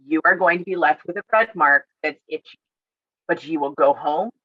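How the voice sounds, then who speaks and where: A woman's voice: low-pitched, moderate pace, no echo, highs cut off. A woman who works as an outdoor educator, casually telling stories and acting out her talks with kids, full of "like" and "I said.". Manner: lively storyteller who acts out dialogue with kids; frequent "like" and "I said" fillers. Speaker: outdoor educator at a field center. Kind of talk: casual storytelling in an online educator forum.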